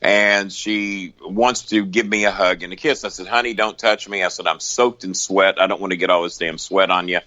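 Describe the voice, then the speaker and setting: A man's voice: deep voice, moderate pace, hardly any pauses, no echo, highs cut off. A man telling wrestling-road stories as a podcast guest, swearing freely and acting out both sides of each exchange. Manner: profane, animated raconteur. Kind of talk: casual storytelling.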